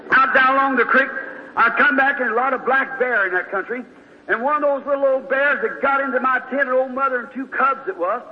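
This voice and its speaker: Male preacher, very high voice, folksy and fervent, dull recording in a big echoing hall. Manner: folksy storytelling, fervent outbursts. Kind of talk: sermon. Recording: dull sound in a large hall.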